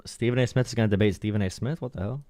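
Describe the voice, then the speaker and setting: A man's voice: fairly low pitch, racing, warm tone, no echo, clean studio sound. A man hosting a call-in politics stream, heatedly mocking a caller and talking over him. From United States.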